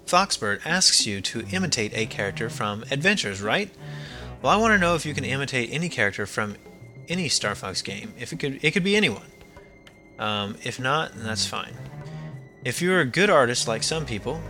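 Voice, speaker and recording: Brief: young male podcast host answering emails, halting and casual, very bright timbre, average pitch. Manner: halting, many ums and restarts.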